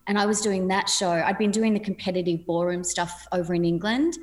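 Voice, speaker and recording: A woman's voice: lowish voice, a little fast. Chatty woman telling a story. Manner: chatty, laughing, lively quoted voices. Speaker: podcast guest. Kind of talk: casual interview storytelling.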